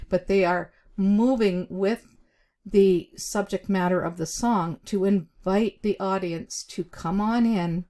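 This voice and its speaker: A woman teaching job interview skills to camera in a deliberate, chatty way, with emphasized words, short pauses and frequent fillers. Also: medium pitch, dark tone. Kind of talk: instructional talk to camera.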